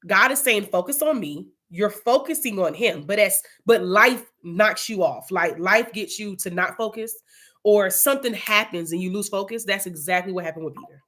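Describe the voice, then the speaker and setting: A woman's voice: mid-range voice, moderate pace, fairly bright tone. A young woman leading an informal Bible study, chatty and casual, telling personal testimony.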